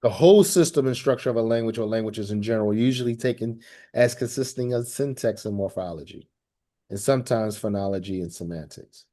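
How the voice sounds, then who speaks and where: A man's voice: lowish voice, a little fast, mellow. A man teaching a live language class, quizzing the student and often repeating and restarting his phrases.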